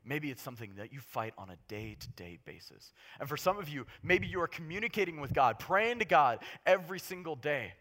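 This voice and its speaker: A man preaching a sermon as a pastor, impassioned and swinging between hushed storytelling and loud, urgent delivery. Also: on the high side, very animated, a little fast, hardly any pauses.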